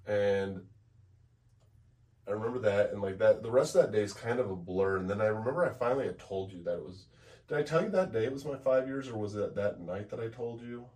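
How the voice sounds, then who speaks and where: A man co-hosting a podcast, telling a personal story in a blunt, profane, halting way, with many restarts. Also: lowish voice, mellow, far from the mic. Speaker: podcast co-host. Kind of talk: candid conversational storytelling.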